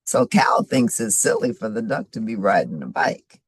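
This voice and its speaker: A woman's voice: very deep voice, expressive, moderate pace, breathy edge, dry recording, studio quality. A middle-aged woman reading a picture book aloud to children, adding friendly asides about the pictures. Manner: warm asides to young listeners. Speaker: storybook reader.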